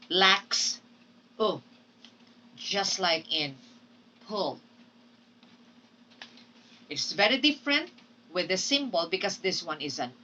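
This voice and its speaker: A woman teacher giving a recorded phonetics lecture, speaking deliberately and often checking in with her students. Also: lowish voice, bright, forceful tone, recorded from a distance, a little hiss or hum, poor audio. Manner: slow, deliberate, checks in with "okay?". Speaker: English teacher.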